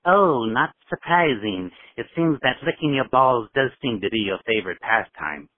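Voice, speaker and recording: A snide, teasing voice at an ordinary middle pitch, squeezed through a thin, phone-like channel as a man puts it on in a comedy skit. He sneers his lines out slowly. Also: animated, natural voice. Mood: mocking. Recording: tinny phone-like sound.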